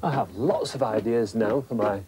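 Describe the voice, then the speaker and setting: A man presenting a children's TV show and reading a story aloud in a gentle, expressive way. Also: fairly low pitch, moderate pace.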